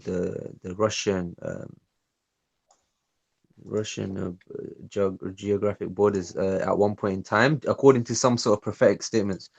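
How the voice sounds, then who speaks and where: Male panelist, low and gravelly, halting delivery, muffled call audio. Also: a little mellow. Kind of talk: casual livestream chat.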